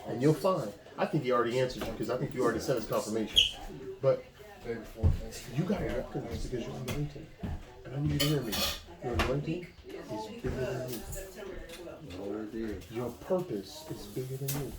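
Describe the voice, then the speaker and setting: A man's voice: medium pitch, a little fast, long pauses. Man preaching in an echoey room. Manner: conversational, exhortative, speaks straight to a listener. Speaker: pastor. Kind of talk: informal preaching to a gathering. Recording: echoey room with a crowd behind.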